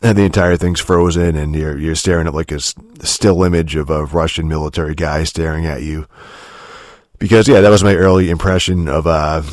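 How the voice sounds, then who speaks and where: Profane rambling man with a very low voice. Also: no echo, clean studio sound. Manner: profane, rambling, heavy filler words. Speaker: gamer telling stories. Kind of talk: casual rambling monologue.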